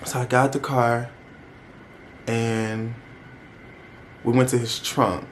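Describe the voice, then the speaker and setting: Brief: young male vlogger, casual storytime, candid and slangy, mid-pitched voice. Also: flat delivery, takes it slowly, a little hiss or hum. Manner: candid, chatty, uses slang and addresses viewers.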